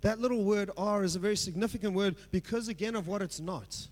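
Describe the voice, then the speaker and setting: A man's voice: high voice, fast talker. A male pastor preaching a sermon in a conversational way, checking in with the congregation and building to emphatic passages. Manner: conversational preaching with frequent "right?" check-ins.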